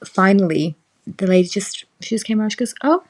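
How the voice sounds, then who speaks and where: A woman's voice: medium pitch, fast talker, darkish tone. A young woman in casual chat as a podcast guest, telling a personal story and acting out the voices of the people in it. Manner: chatty storytelling, acts out quoted voices.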